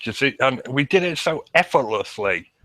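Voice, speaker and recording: Deadpan British man with a bright voice. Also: mid-range voice, normal speed, no room sound. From Britain. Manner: deadpan, sardonic. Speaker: podcast co-host. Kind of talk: casual banter.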